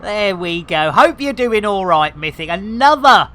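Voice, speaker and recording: A woman chats with her viewers while playing a game, joking around and breaking into excited exclamations. Her voice is bright and forward, and she talks at an unhurried, drawn-out pace, full of fillers and trailing thoughts. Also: mid-range voice. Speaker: game streamer. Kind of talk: casual live-stream chat while playing.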